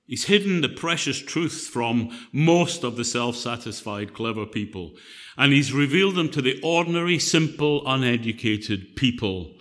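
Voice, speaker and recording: Male preacher, bright voice, relaxed joking delivery. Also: medium pitch. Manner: conversational, joking storyteller. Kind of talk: sermon.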